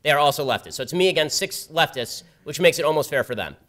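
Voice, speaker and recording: A man giving a public talk at a campus event, telling a story in a rapid, sardonic way. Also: on the high side, animated, background noise. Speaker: guest speaker at a campus event. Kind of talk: public talk with a told anecdote. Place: university event before a live audience.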